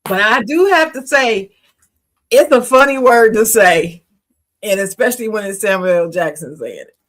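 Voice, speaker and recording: A woman's voice: medium pitch, expressive, moderate pace, fairly bright tone. Woman, podcast co-host, casual and opinionated, chatty with easy laughs. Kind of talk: casual chat.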